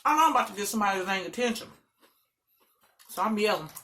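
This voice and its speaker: A woman vlogger telling a story in a loud, animated, dramatic way. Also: mid-range voice, fast talker. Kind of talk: casual storytelling.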